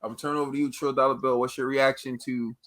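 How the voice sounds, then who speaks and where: A man hosting a casual podcast, halting and filler-heavy as he tees up the topic. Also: medium pitch, flat delivery, a bit bright. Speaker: podcast host.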